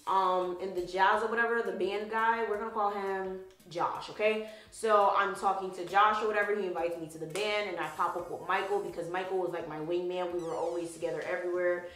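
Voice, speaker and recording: A woman's voice: on the low side, fairly even intonation, brisk, hardly any pauses, a bit bright, reverberant, rough recording. A young woman vlogger telling a dating story in a casual, sassy way, swearing freely. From Haitian background.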